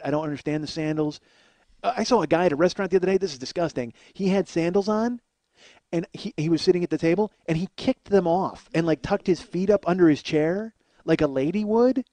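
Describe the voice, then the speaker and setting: A middle-aged man telling comic stories and ranting, profane and animated, acting out the other people in them. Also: on the high side, fairly quick, no echo. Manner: ranting, profane, storytelling with acted-out quotes. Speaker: podcast host. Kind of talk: solo comedic monologue.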